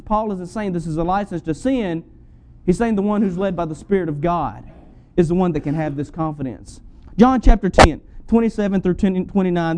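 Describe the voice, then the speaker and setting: A man's voice: sits high, warm tone, smooth. A man preaching a sermon, teaching earnestly and repeating phrases for emphasis.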